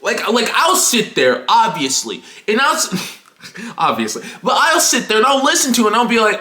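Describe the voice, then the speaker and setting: A young man telling a comedic story in an animated, profane rant, as a YouTuber. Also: extremely high pitch, moderate pace. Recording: echoey room.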